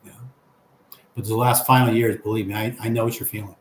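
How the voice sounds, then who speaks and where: In a lowish voice with little pitch movement, an older man speaks quickly while hosting a live stream. He chats casually, reading comments from viewers aloud before giving his replies. Echo and a faint background hum come through in the recording.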